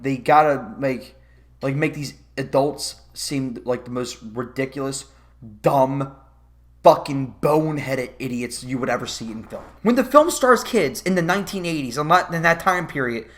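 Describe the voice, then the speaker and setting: A man's voice: medium pitch, a bit bright. A man giving a profane, sarcastic commentary rant about a movie, sounding exasperated. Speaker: movie reviewer.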